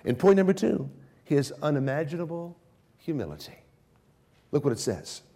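A man preaching a sermon, swinging from hushed, drawn-out phrases to raised, emphatic declarations. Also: on the high side, very animated.

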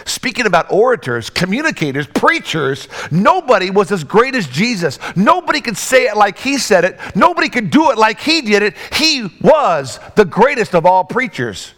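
A man preaching a sermon as pastor, dramatic, swinging from loud bursts to hushed low lines. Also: sing-song, moderate pace, hardly any pauses.

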